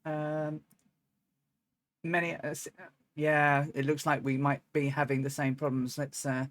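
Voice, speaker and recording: A woman streams a flight simulator, talking a little slowly in a low voice with a level tone. Her casual live-stream chat rambles along with lots of ums and restarts, and she sometimes bursts into laughs and chants.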